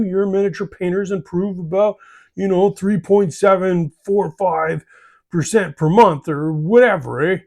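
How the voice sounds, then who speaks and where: Gravelly host who keeps saying "eh, bud". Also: male voice, high-pitched, a little mellow. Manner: folksy, tacks "eh?" and "bud" onto lines. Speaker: hobby channel host. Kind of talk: scripted monologue.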